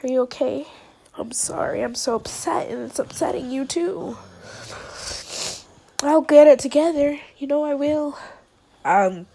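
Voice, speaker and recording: A woman's voice: high-pitched, a little slow, creaky, long pauses, warm tone. A young woman crying as she talks through a personal vlog at home, raw, rambling and swearing. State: crying, sniffling. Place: indoors at home, in bed.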